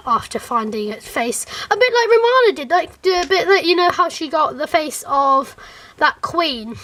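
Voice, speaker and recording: A woman, chatting casually to camera as a fan reviewer, animated and rambling with plenty of fillers and restarts. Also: high voice.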